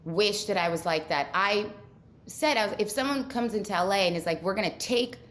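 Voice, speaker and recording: A woman's voice: mid-range voice, animated, fairly quick, a bit bright. A woman from Ukraine, a guest in a casual interview, speaking earnestly in long run-on thoughts.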